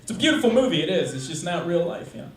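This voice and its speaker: A man performing a stand-up comedy set, dry and deadpan at first, then building to loud yelling. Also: high voice, rapid-fire, slight background noise. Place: comedy club stage. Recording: roomy, distant live club recording with loud crowd. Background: loud audience laughter.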